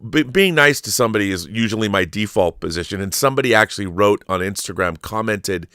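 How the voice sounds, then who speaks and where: A man's voice: on the low side, animated, fast talker, a bit bright, smooth, no room sound, studio quality. A middle-aged man hosting his show, telling a story in a casual, rambling way, interrupting himself and sounding amused. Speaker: show host.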